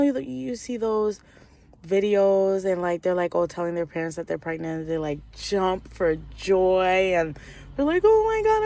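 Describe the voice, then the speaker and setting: A woman's voice: on the low side, gravelly. A young woman vlogging outdoors, chatting casually about her life, with lots of fillers and "like". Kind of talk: casual storytime vlog.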